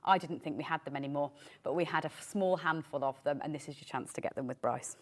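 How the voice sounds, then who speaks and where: A woman designer talks through her craft kits in a slightly low voice. Her speech is chatty, with plenty of fillers and restarts. She often pokes fun at her own memory. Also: fast talker. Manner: chatty, self-deprecating, hesitant with fillers. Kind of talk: casual product explanation.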